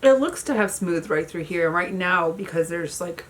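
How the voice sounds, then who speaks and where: Her voice fairly low with lively intonation at a moderate pace, a thirty-something beauty vlogger talks through a casual makeup tutorial at home. She tells stories and fills them with "like."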